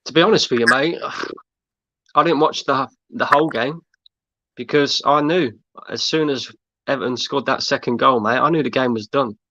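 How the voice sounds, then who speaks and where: A man's voice: medium pitch, moderate pace, pushed and bright, no room sound. A man hosting a fan livestream, talking in a weary, sighing way. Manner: weary, sighing, talks plainly. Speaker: stream host. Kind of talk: casual livestream chat. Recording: dry, dull lo-fi audio.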